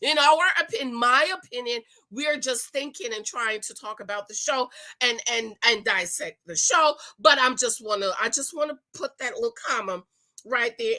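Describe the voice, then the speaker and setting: A woman hosting a casual reality show recap, gossipy and animated, slipping into quick impressions of the cast. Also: on the high side.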